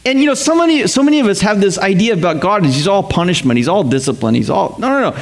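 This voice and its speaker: High-voiced, joking male pastor. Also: quick pace. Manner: joking, animated, chuckles between points. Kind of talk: casual conversational sermon.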